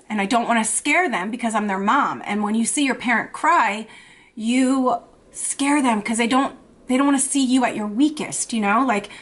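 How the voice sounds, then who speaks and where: A woman in her thirties talks to her camera in a tearful, anxious personal vlog. She speaks in halting runs, restarting and repeating herself with constant "like" fillers. Her voice sits slightly high. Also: a bit bright. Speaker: vlogger and mother. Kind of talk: emotional personal vlog talk.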